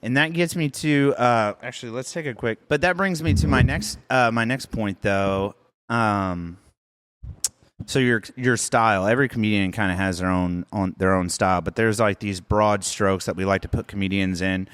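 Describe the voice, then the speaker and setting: Smooth low-voiced podcast host. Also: male voice, moderate pace, fairly bright tone, no echo. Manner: enthusiastic, casual swearing. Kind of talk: casual interview chat.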